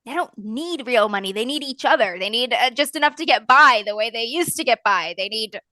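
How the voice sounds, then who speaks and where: A woman's voice: on the high side, animated, a little fast, bright, forceful tone, no echo, pitched below the performer's own voice. Woman playing a blunt, fed-up small-town woman. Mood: earnest. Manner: blunt, exasperated arguing. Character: stubborn small-town woman defending the farm. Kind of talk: improvised tabletop role-play.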